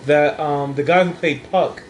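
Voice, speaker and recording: A young man, a podcast co-host, telling a halting story with many fillers in casual chat. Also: fairly high pitch, steady tone, slight background noise.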